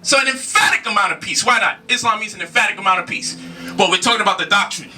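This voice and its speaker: Very high-pitched, bright, emphatic man. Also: quick pace, far from the mic, a little hiss or hum. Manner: emphatic, repeats rhetorical questions, casual slang. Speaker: speaker challenging a debate opponent. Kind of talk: heated spoken lecture.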